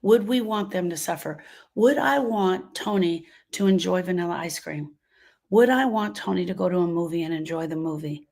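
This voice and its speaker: A woman's voice: fairly low pitch, normal speed, gravelly, a little mellow. Earnest older woman. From Louisiana. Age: 60s. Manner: earnest, repeats phrases for emphasis. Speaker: grief podcast host. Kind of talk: heartfelt storytelling to listeners.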